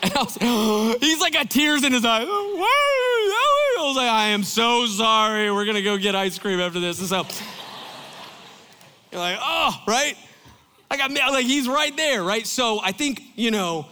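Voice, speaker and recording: A man preaching a sermon, telling stories in an animated, chatty way full of fillers. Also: a little high. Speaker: pastor. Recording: long hall reverb.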